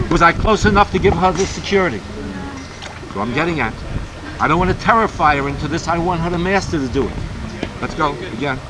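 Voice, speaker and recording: A man with a slightly high voice coaching a young swimmer poolside, brisk and commanding. He snaps short instructions and praise while turning aside to explain his method to onlookers. The sound is noisy 1990s camcorder audio. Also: expressive. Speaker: swim instructor. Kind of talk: poolside swim coaching and demonstration. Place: camp swimming pool. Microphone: camcorder mic.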